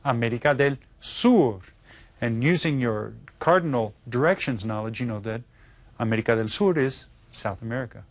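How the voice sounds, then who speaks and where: A man teaching an elementary lesson, patient and slow, repeating words and checking in with his students. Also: mid-range voice, dry recording. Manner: patient, explains slowly with repeats and check-ins. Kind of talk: classroom lesson.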